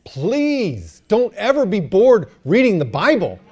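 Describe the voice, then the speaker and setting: Lively male pastor, higher voice, joking preaching style. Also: slow. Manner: animated, joking, calls for amens. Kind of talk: sermon.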